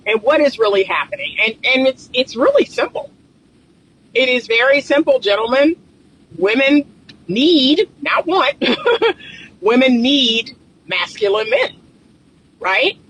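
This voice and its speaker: A man with a high, bright voice talks through dating advice from inside a car. He is chatty and emphatic, hammering his points home with repetition. A faint hum of road noise sits underneath. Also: very animated, unhurried, pauses often, poor audio. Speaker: relationship coach. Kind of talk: casual talking-head commentary.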